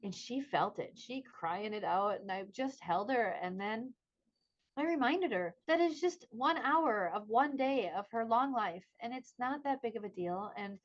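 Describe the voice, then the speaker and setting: Chatting casually as a podcast co-host, a middle-aged woman tells an animated story and acts out the voices of people she quotes. She speaks unhurriedly, with a fairly high pitch and lively intonation. The audio is dull.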